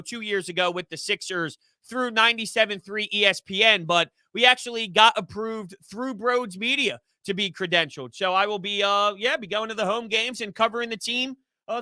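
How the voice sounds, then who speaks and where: A young man chats through a sports live stream, rambling between viewer comments and laughing easily. His voice is high and very bright, with a clean, crisp tone. The sound is dry and close. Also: no echo. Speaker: sports YouTube host.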